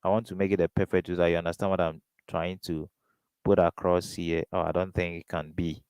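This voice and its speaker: Brief: Ghanaian male tutor, lowish smooth voice, dry close sound, drills students with prompting questions. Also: level tone, a little fast, darkish tone, no echo, low-quality recording. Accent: Ghanaian English. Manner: question-and-answer drilling, keeps asking "what?". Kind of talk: exam revision lesson.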